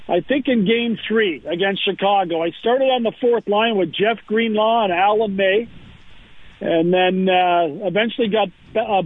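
A former pro hockey player on a radio interview, telling lively anecdotes with lots of "uh" fillers over a phone line. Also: male voice, high-pitched, dry recording. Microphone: telephone.

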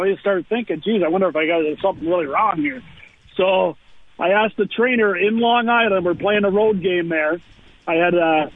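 High-voiced man telling stories over the phone. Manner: lively anecdotal storyteller with frequent "uh" fillers. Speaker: former pro hockey player, radio guest. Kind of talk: phone-in radio interview, storytelling. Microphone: telephone. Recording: tinny phone line.

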